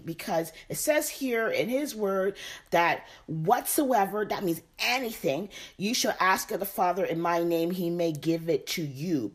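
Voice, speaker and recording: Woman Bible teacher with a low, slow delivery who goes through scripture verse by verse. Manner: reads scripture then repeats and explains it.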